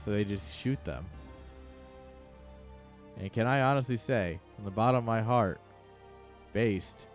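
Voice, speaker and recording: A man casting a live game match in a casual, excitable, joking way. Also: on the low side, a little slow, pauses often, soft background music. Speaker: esports caster.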